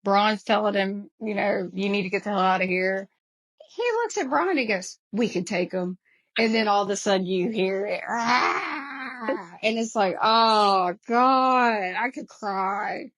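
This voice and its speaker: A woman's voice: medium pitch, normal speed, low-quality recording. A woman with a Southern American accent co-hosting a casual podcast chat, getting emotional as she quotes favorite lines. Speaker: podcast co-host.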